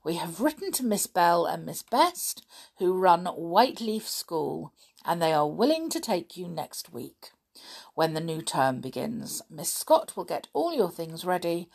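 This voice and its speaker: A woman voicing a loving but stern mother, speaking firmly and in a measured way for a storybook reading. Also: lowish voice, sing-song, creaky, a little mellow, slightly rough, exaggerated voice. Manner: firm and measured. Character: stern loving mother scolding her daughter.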